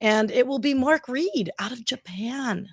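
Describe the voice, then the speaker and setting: A woman's voice: on the high side, lively intonation, unhurried, breathy edge, no room sound, studio quality. A bubbly, teasing woman co-hosting a casual live-streamed podcast, promoting an upcoming event. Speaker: podcast co-host.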